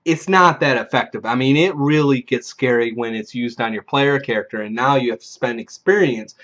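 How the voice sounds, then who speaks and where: A mid-range voice, a bit bright and at a moderate pace, belongs to a video host casually telling a profane, rambling tabletop game story. He performs the players he quotes, and the recording is dull and lo-fi.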